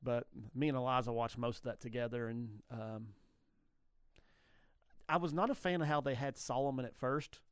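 A man's voice: medium pitch, steady tone, normal speed, smooth, no room sound. Chatty male radio host, dry sound. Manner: rambling, self-correcting, laughs often. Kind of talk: casual radio trivia chat.

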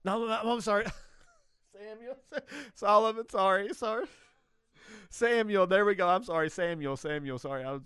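A man's voice: high voice, moderate pace, fairly bright tone, clean tone, no echo. Chatty male radio host, dry sound. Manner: rambling, self-correcting, laughs often. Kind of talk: casual radio trivia chat.

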